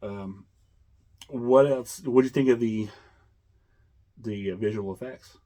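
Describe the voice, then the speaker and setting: A man's voice: mid-range voice, a little slow, warm tone. A man hosting a casual chat, rambling with many fillers and chuckles. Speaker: host.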